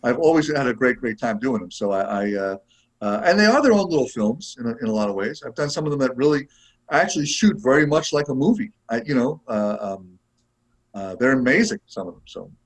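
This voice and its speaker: A man being interviewed as a guest actor, rambling loosely and leaning heavily on fillers. His voice sits in a plain middle pitch for a man. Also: very animated, fairly quick, husky, rough recording. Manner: rambling, lots of "like" and "you know". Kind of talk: casual interview.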